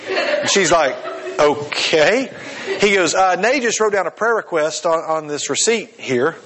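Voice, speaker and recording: A man's voice: sits high, crowd noise, poor audio. A man telling a story in a sermon, acting out the voices of the people in it and often repeating words as he goes. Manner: halting, repeats words when excited. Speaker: speaker leading a church group session.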